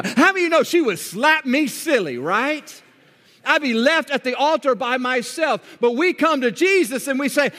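A male pastor delivering a sermon in a church, moving from calm teaching to high, shouted emphasis. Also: moderate pace. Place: church sanctuary. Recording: long reverb of a large hall.

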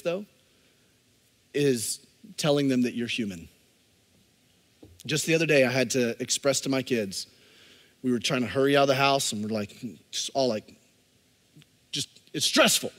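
A man preaching a heartfelt sermon as a pastor, his fairly high voice carrying long echoes through a large church hall. He speaks directly to his listeners, pressing each point home with earnest conviction. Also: fairly bright tone.

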